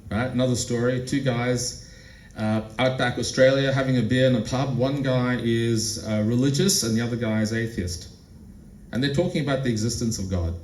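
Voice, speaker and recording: A man gives a talk in a conference room, telling stories in a relaxed conversational way and turning to the audience with questions. His voice sits at an ordinary pitch. It echoes around the room and comes from some way off the microphone, with faint ambience behind. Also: moderate pace, a little hiss or hum. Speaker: presenter. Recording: roomy, distant mic.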